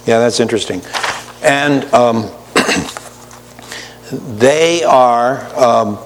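A man's voice: mid-range voice, big-room sound. A man preaching a sermon to his congregation, chatty, with teasing asides to the pews. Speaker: pastor.

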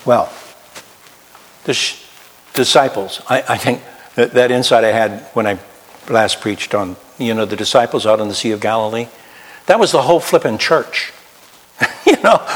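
A man preaching a sermon as pastor, swinging from loud emphatic highs to quiet low asides. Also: animated, normal speed. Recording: long hall reverb.

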